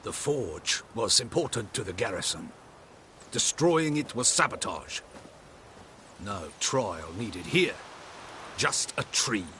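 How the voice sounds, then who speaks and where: A man's voice: fairly low pitch, very animated, takes it slowly, long pauses, sharp tone, a little hiss or hum, heavily acted. An actor playing a stern male garrison officer in a video game, speaking in a curt, commanding way.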